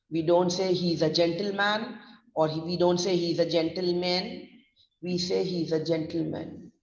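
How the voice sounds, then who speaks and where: A woman pronunciation trainer with an Indian English accent, spelling words out slowly and deliberately in a lesson. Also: on the low side, creaky. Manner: slow deliberate spelling-out, mixing Hindi. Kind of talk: online vocabulary lesson. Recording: echoey distant lo-fi room mic.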